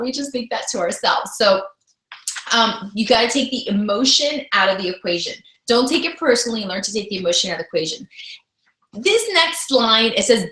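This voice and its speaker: A woman's voice: medium pitch, a bit bright, echoey room, poor audio. A woman teaching a sales training class on video, upbeat and emphatic, often repeating her key lines. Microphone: camera.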